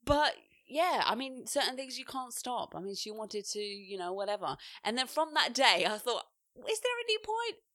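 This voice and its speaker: A young woman co-hosting a podcast, telling animated stories and acting out what people said in casual chat. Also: on the high side, moderate pace, few pauses, no room sound, clean studio sound. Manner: animated storyteller, acts out quotes loudly. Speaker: podcast co-host.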